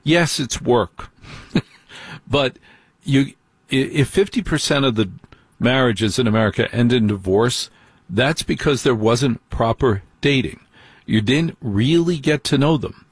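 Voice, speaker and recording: A man's voice: mid-range voice, a little slow, husky, no room sound. A man hosting a radio talk show, giving opinionated advice and playing out little dialogues as he talks. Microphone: studio microphone.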